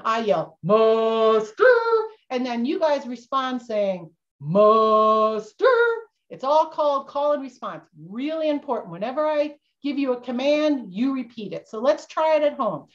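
A woman's voice: high voice, darkish tone. A woman playing a bumbling, jittery male schooner captain who insists he isn't cursed, in a storytelling role-play for kids over a video call. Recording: dull lo-fi video-call audio.

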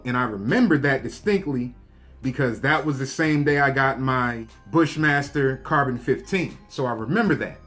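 A man casually reviewing a handgun, talking straight to his viewers in a relaxed, slangy way. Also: mid-range voice, moderate pace, faint music behind. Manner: laid-back, slangy, talks to viewers directly. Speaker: gun review vlogger. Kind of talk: casual show-and-tell review.

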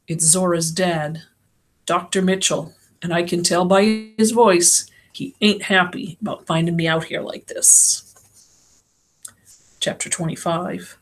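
A woman's voice: lowish voice, fairly even intonation, measured pace. A woman reading an audiobook in the first person, telling the story in a plain, slangy girl's voice. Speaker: audiobook reader.

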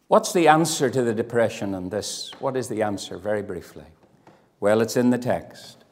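In a church hall, a Northern Irish preacher delivers a passionate sermon in a medium-pitched voice. He alternates booming pronouncements with soft, hushed passages.

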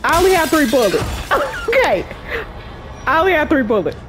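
A woman's voice: sits high, big pitch swings, moderate pace, over music. A woman giving casual gameplay commentary as a YouTuber, chatty and slangy with her viewers, jumpy and laughing nervously, shrieking as she plays. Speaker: gaming YouTuber.

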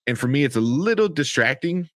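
A man's voice: mid-range voice, animated, brisk, no room sound, clean studio sound. A man co-hosting a podcast review, rambling in casual chat with lots of fillers, swearing and laughter. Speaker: podcast co-host reviewing a movie.

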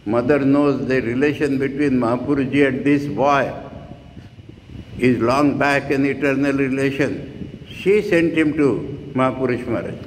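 A man's voice: medium pitch, normal speed. A man in his eighties with an Indian accent giving a devotional lecture, earnest and digressive, with frequent asides. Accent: Indian English. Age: 80s. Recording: reverberant room with faint noise.

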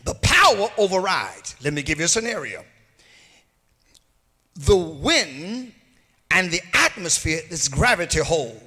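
A pastor preaching a sermon, rising into sung and shouted peaks, recorded in a church sanctuary. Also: male voice, fairly high pitch, sing-song, a little slow, pauses often, husky. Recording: hall reverb from a church livestream.

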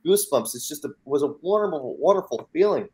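A man's voice: fairly high pitch, expressive, fast, darkish tone. An American man, a mindset coach, telling his personal story as an interview guest in an earnest, emphatic way, acting out the dialogue and often repeating words as he starts. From United States.

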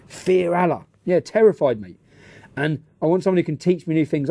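A man's voice: fairly high pitch, sing-song, normal speed, warm tone. A man giving casual news commentary and anecdotes in a brash, profane manner with laughing asides.

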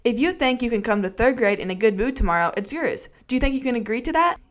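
A woman's voice: a little high, lively intonation, fast, pitched above the performer's own voice, close to an everyday voice. A woman reading as a patient schoolteacher man. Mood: kindly. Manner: kindly, teacherly. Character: patient male third-grade teacher.

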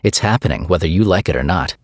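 A man's voice: sits low, lively intonation, quick pace, no room sound, studio quality. A man voicing a firm, protective middle-aged father who speaks in a stern, commanding way. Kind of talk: audiobook character voice.

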